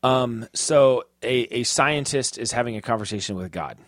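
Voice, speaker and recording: A man trading jokes in easygoing banter, retelling them with stops and restarts. His voice is dry and close, with no room sound, at a middle pitch. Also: moderate pace, no echo. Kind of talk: casual chat.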